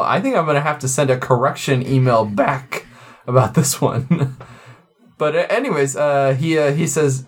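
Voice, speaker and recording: A man from Portland co-hosting a podcast, laid-back and joking as he chats. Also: mid-range voice. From Portland, Oregon. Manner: slow, laid-back and joking, often laughing off his words. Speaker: podcast co-host. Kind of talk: casual chat.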